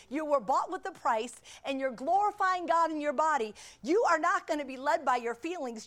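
Woman, middle-aged, high voice, sermon, emphatic, repetitive, chatty asides, church congregation. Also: fairly bright tone. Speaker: preacher.

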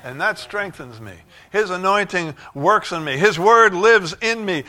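Male pastor, fervent sermon delivery, bright forward tone, dynamic swings from hush to shouts. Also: lively intonation, measured pace. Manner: fervent, rising to shouts of joy then dropping low. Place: church sanctuary.

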